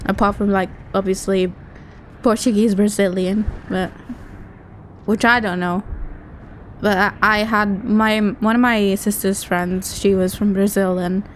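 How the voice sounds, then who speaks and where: A woman's voice: medium pitch, fairly even intonation, a little slow. Midlands english woman streaming a game, rambly chatty talk, faint noise. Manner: rambling, chatty, laughs easily. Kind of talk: casual gaming chat.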